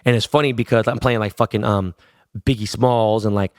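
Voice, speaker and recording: Gravelly, profane storyteller man. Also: lowish voice, brisk, no echo, studio quality. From Los Angeles. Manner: profane, slangy, animated. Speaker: podcast host. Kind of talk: casual storytelling.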